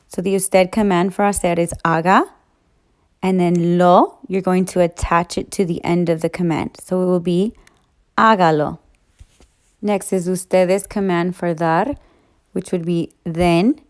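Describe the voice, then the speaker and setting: A woman with a somewhat low voice teaches a Spanish grammar review. She lays out each rule patiently, one step at a time, like a teacher working through examples. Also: a little mellow, clear, resonant tone. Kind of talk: explaining grammar in a recorded lesson.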